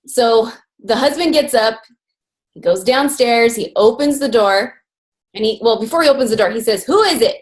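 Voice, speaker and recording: A woman's voice: on the high side, normal speed. An upbeat woman hosting a video call, telling a joke in a casual, chatty way. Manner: upbeat, tells a joke with acted voices. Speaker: call host.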